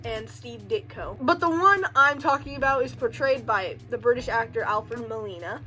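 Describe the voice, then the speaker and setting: Woman, high voice, bright tone, casual film recap, rambling, filler-heavy, joking asides. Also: normal speed, faint music behind, rough recording. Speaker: video creator recapping a film.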